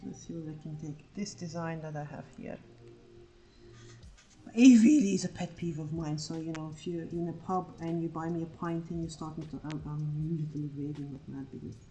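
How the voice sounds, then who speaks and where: A woman livestreaming while drawing, telling a sarcastic, swear-filled story in a casual, animated way. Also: low-pitched, normal speed, slight background noise, rough recording. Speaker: livestreaming artist.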